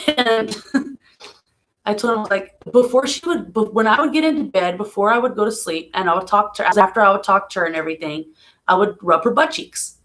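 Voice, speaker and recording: A woman talks casually into a home live stream at an ordinary middle pitch. She is soft-spoken and emotional, and she slips into small laughs through her sadness. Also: a little fast. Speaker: vlogger. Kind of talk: casual vlog, talking about grief.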